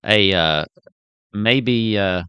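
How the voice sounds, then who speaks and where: A man's voice: fairly low pitch, extremely slow, pushed and bright, clear, resonant tone, no room sound, highs cut off. A man playing a tabletop game in character, easygoing and stammering. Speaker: player.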